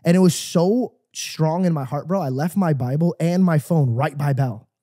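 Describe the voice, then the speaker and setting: A man's voice: on the high side, moderate pace, warm tone, no echo, clean studio sound. A young man co-hosting a podcast, earnestly telling a personal story, acting out the dialogue and often saying "bro". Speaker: podcast co-host. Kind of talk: casual podcast chat.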